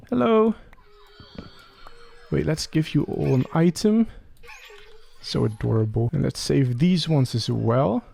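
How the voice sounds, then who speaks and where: Chatty young man with a gravelly voice. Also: fairly high pitch, a little hiss or hum. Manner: chatty, talks to game creatures, excited rising questions. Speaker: Let's Play creator. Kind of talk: casual gameplay commentary.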